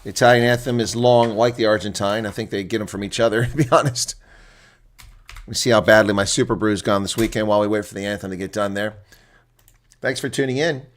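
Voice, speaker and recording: A man's voice: lowish voice, a little fast. A man hosting live rugby reaction commentary, reading out team lineups and chatting bluntly with viewers. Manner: chatty, blunt, exclaims often.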